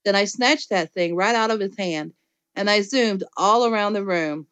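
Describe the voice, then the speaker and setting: A woman narrating a children's storybook in first person, lively and playful. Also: medium pitch, normal speed, clear, resonant tone, no room sound. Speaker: audiobook reader.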